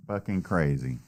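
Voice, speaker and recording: A man's voice: rumbling low, slightly rough. A man delivering a blunt, heated, heavily profane solo political rant. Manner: blunt, heated, swears often. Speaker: political commentator.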